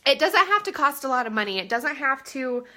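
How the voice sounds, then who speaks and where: A woman's voice: sits high, sing-song, fairly quick, sharp tone. A woman in her thirties chatting on a live stream from home, rambling with lots of fillers, holding her phone at arm's length. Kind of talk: casual live-stream chat. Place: home room. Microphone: phone held at arm's length.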